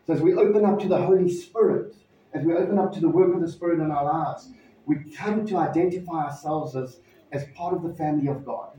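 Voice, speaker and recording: A male pastor preaches in a relaxed, conversational way, often restarting his sentences as he works through a personal story. His voice sits a little high for a man but sounds mellow. It is picked up from a distance in a very echoey hall, with a dull, muffled tone and a faint hum of room noise behind him. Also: brisk. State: emotional, near tears. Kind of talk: sermon.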